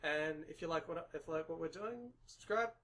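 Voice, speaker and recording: A laid-back man with a slightly raised pitch hosts a relaxed podcast chat, halting and full of ums. He sounds a bit stuffy from hay fever, with a faint hiss underneath. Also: low-quality recording. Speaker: podcast host. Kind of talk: casual chat.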